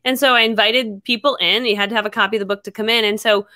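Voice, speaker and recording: A middle-aged woman chatting as a guest author on a podcast, bubbly and quick, laughing often. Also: fairly high pitch, fairly even intonation, bright, forceful tone, no echo, clean studio sound. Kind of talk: casual podcast chat.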